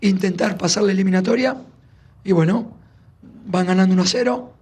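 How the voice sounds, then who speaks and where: A football coach giving a measured, analytical post-match press interview. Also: male voice, high voice, a little mellow, slightly rough.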